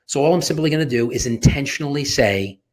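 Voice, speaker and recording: A husky-voiced man gives a fired-up motivational talk on sales and networking. He speaks emphatically, with frequent restarts and self-corrections, at a middle pitch. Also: fast talker. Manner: energetic, emphatic, with many restarts.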